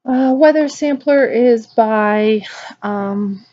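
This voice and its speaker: A woman's voice: a little high, extremely slow, dull audio. A woman hosting a casual cross-stitch vlog outdoors in her backyard, chatting loosely and wandering off topic. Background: birds singing.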